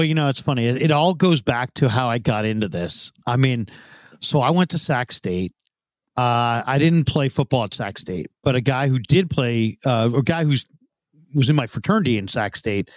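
A man's voice: mid-range voice, expressive, normal speed, no room sound. A man in his fifties, a former football scout, telling his career story in an interview with frequent restarts. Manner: rambling, with frequent restarts and fillers. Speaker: guest, former football scout turned radio host.

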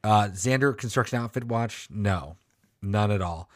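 Male podcast co-host, lower voice, dry studio read, rambling and joking. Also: unhurried, dry recording. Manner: rambling, joking, swears freely. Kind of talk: casual chat.

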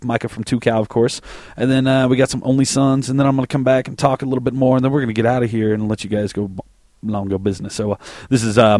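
A man's voice: mid-range voice, darkish tone, no room sound, clean studio sound. A man hosting a music podcast, chatting loosely between songs, self-deprecating and swearing casually.

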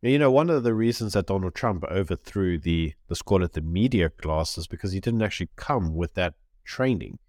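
A man co-hosting a podcast, his voice sitting a little low. He talks in an opinionated, casual way, sometimes slipping into other people's voices to make a point. The sound is dry and close, with no room around it. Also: lively intonation, a little fast, few pauses, a little mellow, dry recording. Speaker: podcast co-host.

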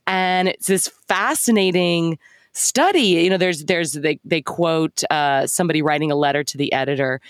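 A woman's voice: sits low, normal speed, dry recording, studio quality. A woman in her forties co-hosting a podcast, musing thoughtfully in a casual chat. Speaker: podcast co-host.

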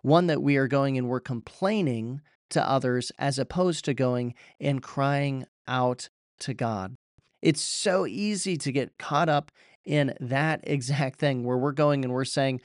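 A man's voice: mid-range voice, measured pace, dry recording. Earnest male preacher, dry close sound. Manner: earnest, repetitive exhortation with stumbles and restarts. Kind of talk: sermon with scripture reading.

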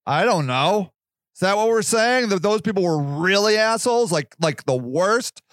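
A man's voice: high voice, expressive, normal speed, a bit bright, no echo. A man hosting a solo podcast, reading passages aloud and then ranting in a sarcastic, profane, heated way. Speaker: podcast host.

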